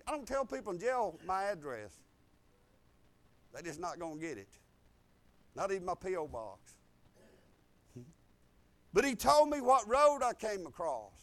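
At a moderate pace with frequent pauses, a man preaches as a pastor, recounting his personal testimony. The delivery is lively and informal, alternating booming emphatic lines with quiet low stretches and occasional restarts.

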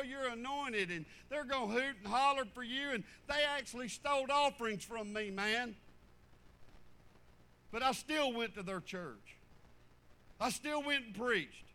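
A man preaching a folksy sermon, swinging from fervent loud passages to low muttered asides. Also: rough recording.

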